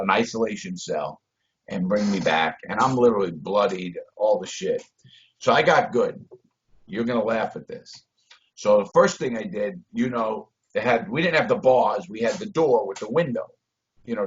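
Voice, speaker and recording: A man telling a story on a video call, blunt and profane, shifting between loud bursts and low mutters. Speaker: interview guest. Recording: dull lo-fi video call audio.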